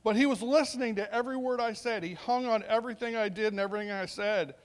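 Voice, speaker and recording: This fairly high-voiced, middle-aged man is a police sergeant speaking at a veterans summit, and he talks fast. He tells his story casually, performing snatches of the conversation as he goes.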